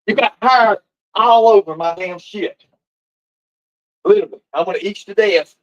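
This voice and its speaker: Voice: mid-range voice, normal speed, lo-fi sound. A livestreamer, talking casually and profanely while scolding pets. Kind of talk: casual live-stream chat.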